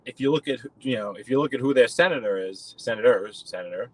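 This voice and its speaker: A man's voice: medium pitch, fast talker, low-quality recording. Casual New male streamer, rambling chat while he drives, mid-range voice. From New York. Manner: rambling, chatty, addresses viewers by name. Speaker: live-stream host. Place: in a car.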